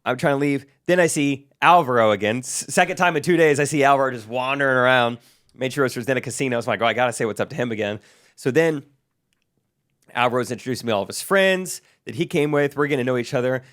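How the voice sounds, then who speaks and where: A young man, a podcast co-host, casually telling a story and acting out the people he quotes in a higher voice. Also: fast. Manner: animated, acts out quoted voices in a higher pitch.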